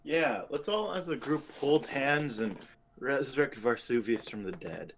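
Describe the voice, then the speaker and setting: A man speaks slowly but with a lively, swooping pitch, joking and teasing his friends in a casual chat before a tabletop game. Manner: playful, joking.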